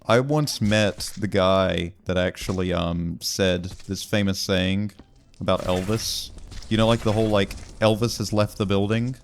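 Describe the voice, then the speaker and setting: A man's voice: low voice, measured pace, a little hiss or hum. A young man doing casual gameplay commentary, telling rambling, wry stories with lots of fillers. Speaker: gaming video creator.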